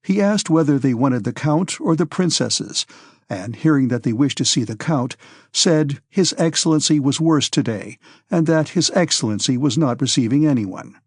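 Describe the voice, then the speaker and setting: A man narrating a classic novel in a measured, steady audiobook reading. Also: medium pitch, husky, dry recording, studio quality. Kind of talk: scripted narration.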